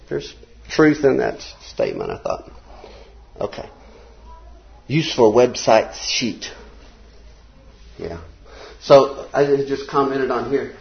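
An older man, teaching a casual Bible class in a small church classroom, folksy and conversational, reading quotes slowly. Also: lowish voice, gravelly, lo-fi sound.

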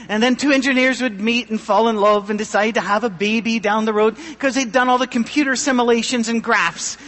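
A middle-aged man pastor giving a humorous, self-deprecating sermon with a thin, high voice. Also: a bit bright, in a large hall.

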